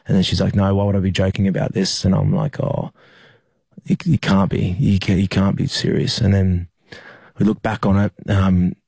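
A young Australian man, a rugby league player, recalling a hard time in an interview, halting with many fillers and restarts. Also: sits low, monotone, creaky, darkish tone, breathy edge, no room sound, studio quality. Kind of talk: emotional interview recollection.

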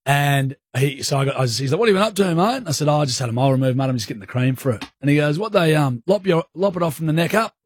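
A man's voice: mid-range voice, very fast, few pauses, husky. A man with an Australian accent co-hosting a radio show, telling stories in laid-back, teasing banter. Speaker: radio co-host. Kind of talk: casual on-air banter.

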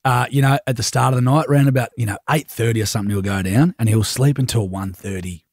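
Australian male radio co-host, young, husky, dry close sound, casual yarn-spinning. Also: medium pitch, quick pace, darkish tone, dry recording. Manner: laid-back storytelling with laughs.

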